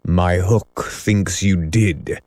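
A man's voice: low-pitched, drawn-out words, darkish tone, no echo, studio quality. A man voicing a villainous pirate captain in an audiobook reading, courteous yet menacing, with a purring, steely manner.

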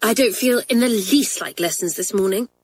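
A woman's voice: medium pitch, moderate pace, darkish tone, breathy edge, close to an everyday voice. A woman voicing a worried schoolgirl who frets about her lessons, with a lifted, fretful voice in a storybook reading.

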